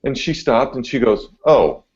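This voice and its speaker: A laid-back man, a TV meteorologist, telling a story on a podcast, getting animated as he goes. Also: medium pitch, normal speed. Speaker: TV meteorologist guest. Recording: dull lo-fi audio.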